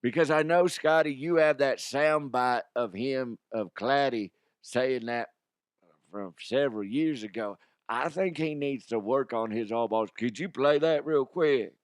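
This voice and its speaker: A man's voice: mid-range voice, unhurried, no echo, clean studio sound. A man hosting a comedic sports talk show, rambling and profane, slipping into mock impressions.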